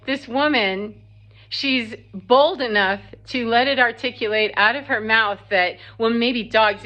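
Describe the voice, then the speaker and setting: A woman's voice: on the high side, bright, forceful tone, dull audio. A woman casually telling a long, rambling personal story, laughing often and quoting herself and others. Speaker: spiritual vlogger.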